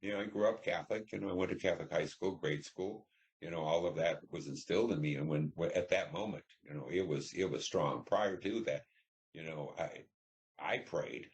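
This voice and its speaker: Older man with a very deep voice. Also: moderate pace. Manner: rambling, frequent "you know", acts out dialogue. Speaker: interviewee, veteran. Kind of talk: personal war story in interview.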